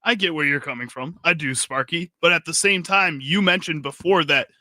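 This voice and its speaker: A man's voice: a little high, normal speed, bright, forceful tone, no room sound. A man co-hosting sports talk radio, arguing back earnestly in long stretches into a studio mic.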